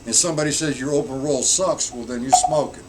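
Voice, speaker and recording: Male drum teacher, live-stream lesson, counts beats aloud, casual delivery, loud drum noise over the voice. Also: mid-range voice, brisk. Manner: counts beats aloud while demonstrating rudiments; casual, self-correcting explanations. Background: drumming.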